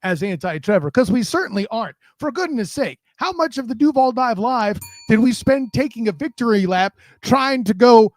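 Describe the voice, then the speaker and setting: High-voiced man rambling through football talk. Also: animated, moderate pace, few pauses, no echo. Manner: rambling, with frequent stammered restarts. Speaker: podcast co-host. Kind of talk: casual sports talk.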